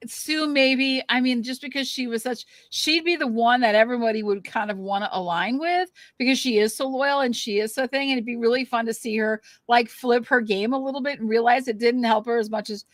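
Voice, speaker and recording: A woman's voice: on the high side, a little fast, hardly any pauses, no room sound. A woman hosting a fan podcast, wrapping up in a chatty, rambling way with plenty of ums and thank-yous. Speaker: podcast host. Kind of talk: casual show wrap-up chat.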